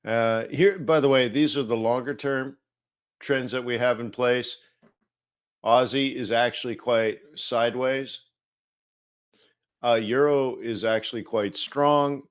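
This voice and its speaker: A man's voice: medium pitch, steady tone, slow, no echo, studio quality. A man hosting a live market-analysis stream, talking casually and rambling with many fillers and restarts.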